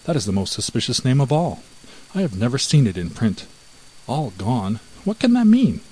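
A man voicing a timid, fretful female house mouse in a storybook, squeaky and exclaiming. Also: lively intonation, normal speed, darkish tone, husky, poor audio. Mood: alarmed.

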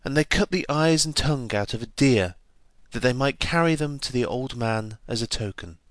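A man's voice: mid-range voice, no room sound. Man reading an old fairy tale. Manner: measured, old-fashioned fairy-tale narration with gently voiced dialogue. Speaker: narrator. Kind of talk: storybook reading.

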